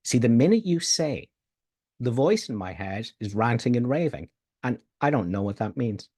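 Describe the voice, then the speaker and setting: A man teaching spiritual ideas in a slow, calm way that turns hushed and quiet on key lines. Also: mid-range voice, slightly rough.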